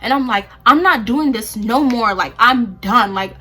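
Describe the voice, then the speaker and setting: A woman's voice: a little high, measured pace, sharp tone, slightly rough. A young woman vlogger animatedly telling a storytime while getting ready, acting out the quoted lines. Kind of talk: storytime while doing her hair.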